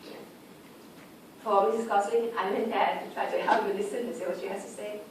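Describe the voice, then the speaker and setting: A woman's voice: medium pitch, fairly even intonation. A woman tutor giving an informal exam revision lecture, often checking in with her students through tag questions. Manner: chatty, lists examples briskly. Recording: echoey room recorded from far off with background noise.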